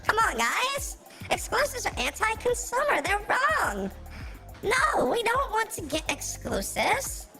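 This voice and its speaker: A man's voice: very high voice, wildly swooping pitch, a little slow, over music, pitched above the performer's own voice, exaggerated voice. A man doing a mocking impression of a whiny online gamer troll who pretends to be neutral. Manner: mocking, sing-song caricature.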